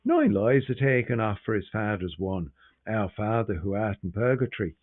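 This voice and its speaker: A man's voice: on the low side, normal speed. A man voicing an intense young male scholar who argues with energy. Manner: energetic, arguing. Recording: tinny, phone-like sound.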